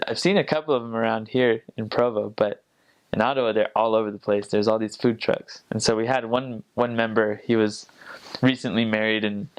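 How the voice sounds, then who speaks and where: A young man who served as a missionary tells stories in a casual, rambling way, full of fillers and restarts. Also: on the low side. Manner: rambling, many fillers and restarts, imitates accents. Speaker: returned missionary. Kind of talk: casual storytelling.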